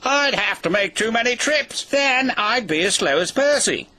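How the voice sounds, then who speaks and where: A man's voice: very high voice, animated, normal speed, bright, forceful tone, voice pushed up, exaggerated voice. Harold, a man doing a breezy confident helicopter. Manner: breezy, self-assured. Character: cheerful confident male helicopter. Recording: music behind the voice.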